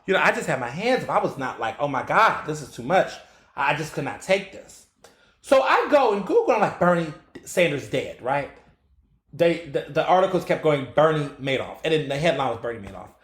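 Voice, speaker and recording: A man hosts his own podcast alone, telling stories with big, animated swings of pitch as he acts out his own reactions. His voice sits a little high for a man. The recording has a noticeable room echo. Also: fairly quick. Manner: animated storytelling, acting out his own exclamations. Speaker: podcast host. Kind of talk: solo podcast commentary.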